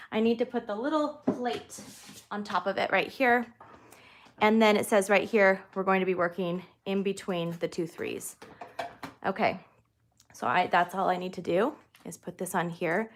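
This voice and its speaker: A woman's voice: medium pitch, fairly even intonation, normal speed, slight background noise. Chatty woman demonstrating crafts. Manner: chatty, friendly, greets live viewers while working. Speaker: card-making demonstrator and host. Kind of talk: live crafting tutorial, casual chat. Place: indoor craft room.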